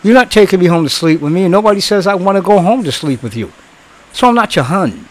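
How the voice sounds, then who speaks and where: A man's voice: high voice, lively intonation, fast, poor audio. Blunt, swearing man in his sixties. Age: 60s. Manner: blunt, lecturing, swears, repeats himself. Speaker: former customer service worker. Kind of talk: casual ranting monologue.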